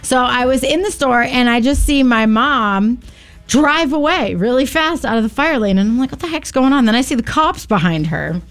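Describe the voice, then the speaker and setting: A woman's voice: high-pitched, animated, normal speed, clear, resonant tone. A woman co-hosting a radio show, telling stories casually and sprinkling in lots of "like". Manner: chatty, lots of "like", laughs at her own stories. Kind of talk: casual storytelling banter. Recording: radio studio with faint music bed.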